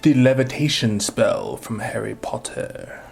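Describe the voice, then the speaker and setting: A woman's voice: rumbling low, a little slow, gravelly, a little mellow, slightly rough. A woman hosting a playful family quiz game, teasing and theatrical as she questions the players. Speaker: quiz host. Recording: music playing behind.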